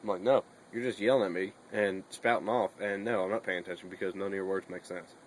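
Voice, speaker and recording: A man's voice: deep voice, fairly even intonation, quick pace, slight background noise, rough recording. A young man chatting casually in a bedroom vlog, rambling and swearing a lot between fillers. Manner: rambling and profane, with many fillers.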